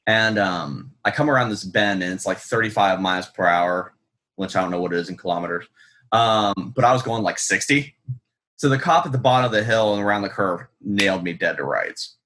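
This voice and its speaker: Speaking briskly in a somewhat low, slightly bright voice, this American guest author tells stories casually during an interview. He rambles, swears, pokes fun at himself, and says um a lot.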